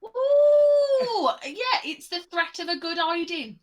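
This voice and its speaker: A woman's voice: extremely high pitch, moderate pace, pushed and bright, highs cut off. A woman with a Black Country accent, chatting playfully and teaching local phrases in casual banter.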